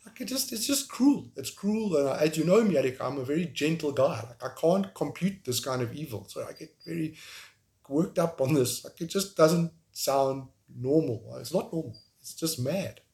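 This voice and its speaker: A man with a South African accent, speaking as an interview guest in an emotional, halting way, with frequent restarts. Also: on the high side, vocal fry, darkish tone. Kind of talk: remote interview conversation.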